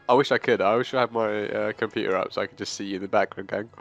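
A man's voice: on the low side, steady tone, fast talker, gravelly, faint music behind. A man chatting casually over a console voice call while gaming, jokey and swearing freely. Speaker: co-player. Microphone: voice chat through a game console.

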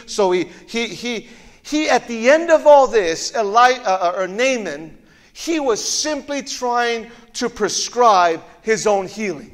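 A male pastor delivering a sermon in a church auditorium, telling the story animatedly and often doubling back on his words. His voice sits high and carries a long hall reverb. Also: slow. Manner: animated storytelling with frequent word repeats.

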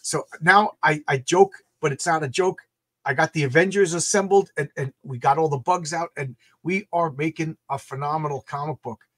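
Excitable stammering man on a video call. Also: a little high, moderate pace, dry recording. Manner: excitable, stammers and repeats words. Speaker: guest comic creator. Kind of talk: casual live-stream chat. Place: home comic book room.

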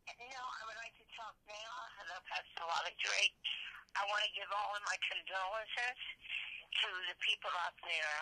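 A woman's voice: mid-range voice, normal speed, sharp tone, rough recording. A woman calling in by phone to a radio show, offering heartfelt, earnest condolences. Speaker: caller. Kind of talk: call-in radio talk. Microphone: phone line.

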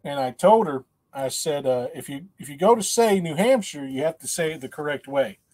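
A man's voice: a little high, expressive, moderate pace, darkish tone. A man hosting a casual livestream, rambling in a folksy, self-mocking way and laughing often. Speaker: host.

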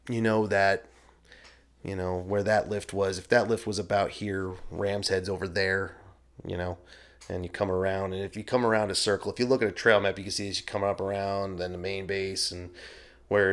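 A man hosting a podcast, telling a story in a casual, rambling, self-deprecating way and swearing freely. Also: sits low. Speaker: podcast host. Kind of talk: casual first-person storytelling.

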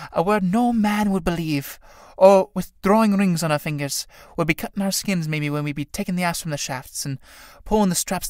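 A man's voice: a little high, no room sound, clean studio sound, natural voice. A man voicing an old tinker woman in a play reading, talking in a soothing, crooning way. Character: old woman tinker, fond of drink, coaxing.

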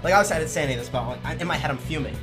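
A young man streaming, telling stories in a casual, animated way and swearing heavily. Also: a little high, very fast, over music. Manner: profane, animated, heavy swearing.

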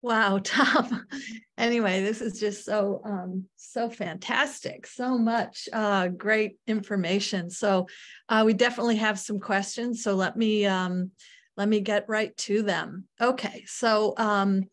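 A woman's voice: mid-range voice, steady tone, unhurried. Woman host reading questions, hesitant.

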